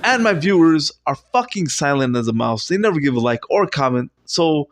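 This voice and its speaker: A young man rambling through a solo comedy monologue at home, swinging from low mutters to loud shouted bursts and swearing often. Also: very animated, fairly quick. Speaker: vlogger doing improv comedy. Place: at home, indoors.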